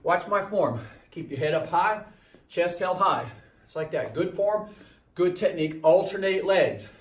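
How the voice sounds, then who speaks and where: Demonstrating each exercise as he coaches, a male trainer runs through a circuit workout, a little out of breath, with repeated reminders on timing and form. He has a high-pitched, animated voice and an unhurried pace; the mic picks him up from afar in a reverberant room.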